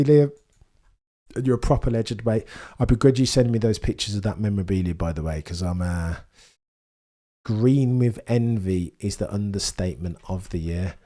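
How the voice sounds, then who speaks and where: A man hosting a live stream before a race, chatting casually with viewers, with a stuffy nose as he recovers from illness. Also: fairly low pitch. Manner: chatty, banters with chat, bursts of excitement. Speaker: live-stream host reading chat.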